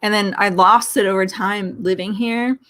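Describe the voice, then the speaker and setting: A woman from Philadelphia, a guest on a casual chat show, telling animated anecdotes full of quoted dialogue. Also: mid-range voice, moderate pace.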